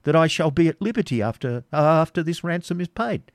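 A man's voice: fairly high pitch, expressive, a little fast, no room sound, clean studio sound, voice pushed up. A man voicing a timid, pleading old male moneylender who stammers as he begs, read as a storybook figure.

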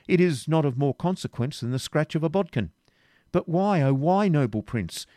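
Brief: man playing a loyal young knight, earnest and pleading, raised pitch, dry close sound. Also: mellow, no echo, close to an everyday voice. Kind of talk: audiobook reading.

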